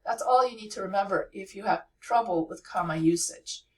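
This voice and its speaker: A woman's voice: medium pitch, brisk, far from the mic, low-quality recording. Patient woman teaching grammar, a little off-mic. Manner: patient, repeats key points, frequent uh fillers. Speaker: writing teacher. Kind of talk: explanatory lesson.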